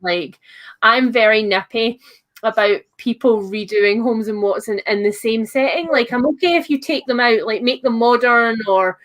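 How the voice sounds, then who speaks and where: A woman's voice: on the high side, normal speed, a bit bright. A young Scottish woman hosting a cosy livestream, chatting casually with a playful, giggly, teasing manner. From Scotland. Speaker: livestream host. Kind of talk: casual chat. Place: at home. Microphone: livestream setup.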